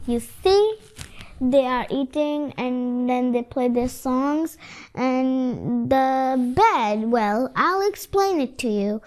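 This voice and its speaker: A woman reading a picture book aloud to children, stopping to explain it with halting asides and fillers. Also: high-pitched, darkish tone. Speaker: storyteller.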